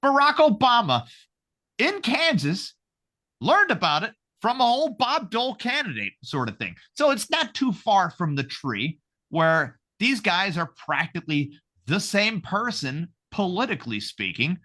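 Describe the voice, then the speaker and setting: A man, hosting a podcast in casual political chat, animated and profane, acting out voices as he tells stories. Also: high voice, unhurried. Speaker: podcast host.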